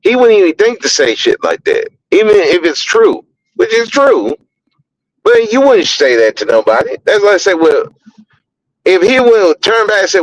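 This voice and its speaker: Blunt high-voiced man ranting on a podcast. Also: expressive, normal speed, low-quality recording. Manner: blunt, profane, repeats words when heated. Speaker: podcast host. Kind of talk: opinionated podcast commentary.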